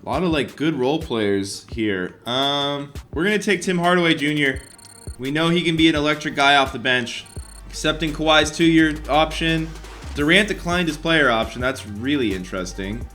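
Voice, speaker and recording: A young man commentating over a basketball video game as a gaming YouTuber, excitable and quick to get frustrated. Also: on the high side, soft background music. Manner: excitable, swings between hype and frustration.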